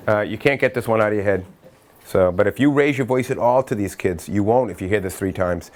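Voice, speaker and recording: Speaking in a lowish voice against slight background noise, this Massachusetts workshop presenter addresses a room of educators. The middle-aged man is a lively storyteller who talks in quick spurts, interrupts himself, performs quotes, and slips into chants.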